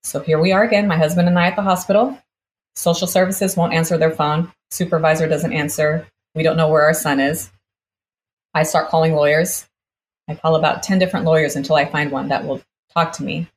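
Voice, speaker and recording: A woman's voice: low-pitched, fairly even intonation, fairly quick, slight background noise, poor audio. A woman guest telling a personal story vividly, acting out the exchanges she recounts. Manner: vivid retelling, acts out quoted exchanges.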